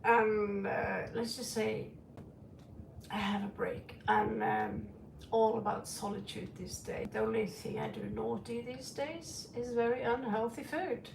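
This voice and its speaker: Slow, gravelly middle-aged woman. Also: a little high, darkish tone, far from the mic, a little hiss or hum. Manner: rambling, frank, calls listeners sweetie. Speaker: tarot reader. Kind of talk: casual livestream chat. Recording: roomy echo, away from the mic.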